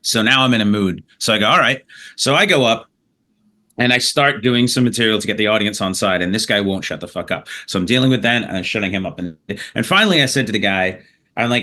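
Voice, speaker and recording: Canadian comedian guy, bright tense voice, swears a lot, tells stories fast and loose. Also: on the low side. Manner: animated anecdote-telling with profanity and laughter. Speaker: comedian guest. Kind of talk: storytelling in a podcast interview.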